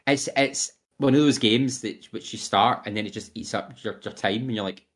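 Young male podcast co-host, casual rambling storyteller, slightly low pitch. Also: moderate pace. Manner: chatty and rambling, quoting game lines in put-on voices. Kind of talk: casual chat.

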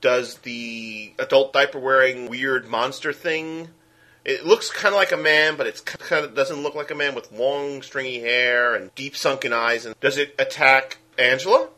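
A man with a Brooklyn accent co-hosting a podcast, casually reviewing a film in an animated, ranting way and acting out characters. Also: medium pitch, unhurried. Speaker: podcast co-host.

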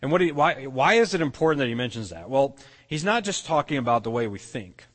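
A man's voice: mid-range voice, big pitch swings, fast talker, a bit bright, long reverb tail. A man preaching a sermon as pastor, earnest, often restarting and repeating words as he explains. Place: church sanctuary.

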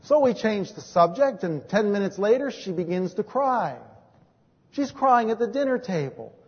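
A man preaching as a pastor, telling stories from his ministry and moving between hushed and emphatic delivery. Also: high voice, big pitch swings, moderate pace, breathy edge. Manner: storytelling, swings from hushed to emphatic. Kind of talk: sermon with personal testimony. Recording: dull recording in a reverberant hall.

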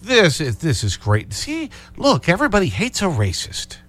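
Sarcastic, animated male radio host. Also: on the high side, normal speed. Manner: sarcastic, animated, repeating phrases. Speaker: radio talk show host. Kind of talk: call-in radio talk.

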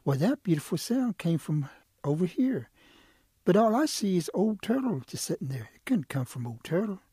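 A man's voice: high-pitched, very animated, moderate pace, warm tone, husky, no room sound, clean studio sound, pitched above the performer's own voice, exaggerated voice. A man voicing an eager, sly male quail in a told animal story, talking in a pleading, wheedling way. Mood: excited.

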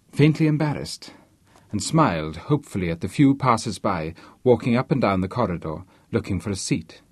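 Animated, husky male audiobook narrator. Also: lowish voice, dry recording. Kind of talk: scripted narration of a novel.

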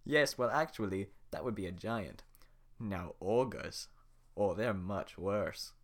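A man voicing a gruff, menacing male ogre who taunts in slow, growling lines. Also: lowish voice.

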